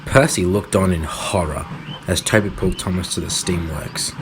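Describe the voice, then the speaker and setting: A man narrating a fan audio drama in a steady, dramatic storytelling manner. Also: low-pitched, moderate pace, a little hiss or hum, rough recording.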